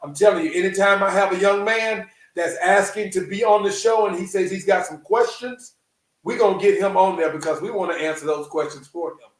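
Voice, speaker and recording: A man's voice: sits high, steady tone, a little fast, distant mic. Laid-back man hosting, roomy and off-mic. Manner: laid-back, repeats phrases, Southern US slang. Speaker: podcast host. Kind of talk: casual show sign-off chat.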